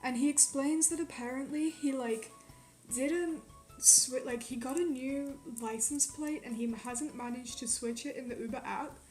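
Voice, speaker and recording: A young woman from Quebec telling a story in a casual, animated way, swearing often and filling it with "like". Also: high voice, measured pace, reverberant. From Quebec, Canada. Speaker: streamer. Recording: faint music behind.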